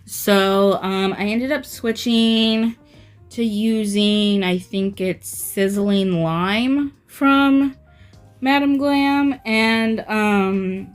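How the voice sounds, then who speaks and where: A woman's voice: mid-range voice, clear, resonant tone, faint music behind. A woman talking through a nail art tutorial in a casual, rambling voice-over, full of fillers like "um" and "like". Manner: slow, filler-heavy, rambling.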